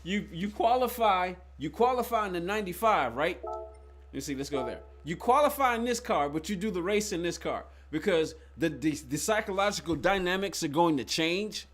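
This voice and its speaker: A man with a high, light voice rambles loosely through a racing-game live stream. He talks straight to his viewers and thinks aloud about his cars and plans, one easygoing thought after another. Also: expressive, normal speed, a bit bright. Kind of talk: casual live-stream chat while playing.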